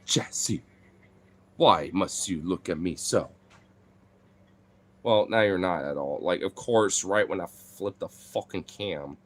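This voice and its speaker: A man's voice: takes it slowly, pauses often. A man talking casually and playfully to his dogs in a vlog, teasing them and swearing lightly. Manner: playful, teasing, swears casually, jumps into high baby-talk pitch with the dogs.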